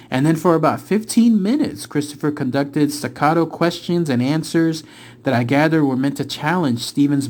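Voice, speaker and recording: Man reading a dark true-case book aloud. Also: mid-range voice. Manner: dramatic storytelling, rising for tense moments and slowing for reveals. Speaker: book reader and channel host. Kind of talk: reading a book aloud, then casual commentary.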